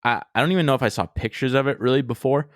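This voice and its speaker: A young man co-hosting a podcast, telling travel stories in a rambling, excitable way and swearing freely. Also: medium pitch, very fast, no room sound, studio quality. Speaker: podcast co-host. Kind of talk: casual storytelling chat.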